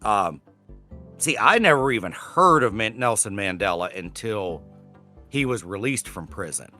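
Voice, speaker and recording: Podcast co-host, male, slightly low voice, bright tone, rambling casual delivery. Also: expressive, unhurried, faint music behind. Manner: rambling, self-correcting, swears casually. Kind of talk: casual chat.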